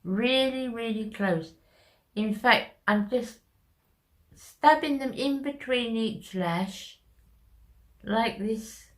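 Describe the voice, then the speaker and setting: A woman's voice: a little high, drawn-out words, long pauses. A woman talking viewers through a makeup tutorial in a chatty, step-by-step way. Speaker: makeup vlogger.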